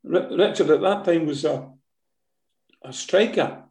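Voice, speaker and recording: An older Scottish man tells football stories in an easy, rambling way, dropping in fillers and little tag questions. His voice is mellow and sits a touch high. The sound carries a clear room echo. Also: measured pace. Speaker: former footballer, guest. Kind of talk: casual interview storytelling.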